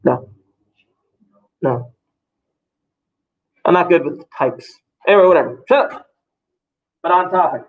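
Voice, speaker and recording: A man's voice: fairly high pitch, moderate pace, pauses often, narrow, tinny audio. A man, a teacher talking loosely and jokingly to his class in a classroom. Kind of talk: classroom talk to students.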